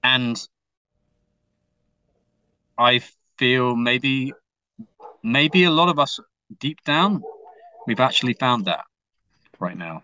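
Bright-voiced English man, rambling and heartfelt. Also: medium pitch, expressive, slow, pauses often, muffled recording. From England. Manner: rambling and emotional, with many restarts and casual swearing. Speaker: musician guest. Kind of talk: candid conversational storytelling.

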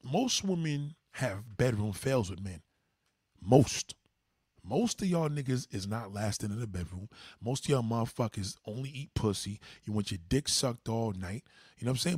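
This livestream host's husky voice is recorded in clean studio sound without echo. Casual but preachy, he hands out blunt, profane advice to viewers and imitates others in a higher pitch.

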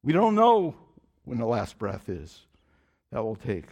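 A man preaching a sermon in an earnest style, repeating phrases and restarting often, dropping to a soft, low voice for emphasis. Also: huge pitch swings, unhurried, creaky, husky. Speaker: pastor.

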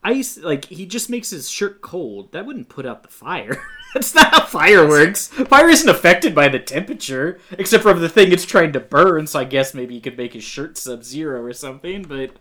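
A man's voice: on the high side, lively intonation, moderate pace, hardly any pauses, a bit bright. A man co-hosting a casual movie review podcast, laughing often and nitpicking the plot. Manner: laughs often, nitpicky, mock-quotes characters. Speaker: podcast co-host.

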